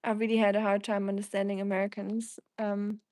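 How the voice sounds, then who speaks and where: A woman's voice: medium pitch, little pitch movement, fairly quick, a little mellow, no room sound. Chatty German-accented woman, dry sound. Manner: chatty, rambling, reads out comments and answers them. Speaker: livestream host. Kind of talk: casual livestream chat answering viewers.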